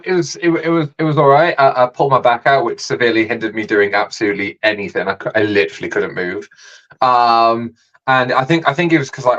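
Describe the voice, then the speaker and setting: A man co-hosting a casual sports podcast, talking in a halting, teasing way with many restarts. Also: medium pitch, a bit bright, muffled recording. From United Kingdom. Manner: hesitant, repeats words, teasing. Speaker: podcast co-host.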